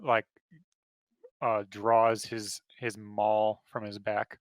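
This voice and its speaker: A man playing a tabletop game, describing his character's actions slowly and deliberately. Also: lowish voice, flat delivery, dry recording. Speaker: player. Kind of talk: tabletop game play over voice chat.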